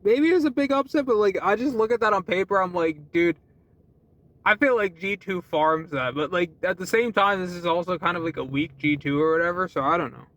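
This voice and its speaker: A young man talks to his camera in a loose, rambling way, with a lot of laughter and swearing. His voice sits high for a man. His sentences often stall and restart. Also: a little fast, a bit bright. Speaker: vlogger. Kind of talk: casual rambling vlog.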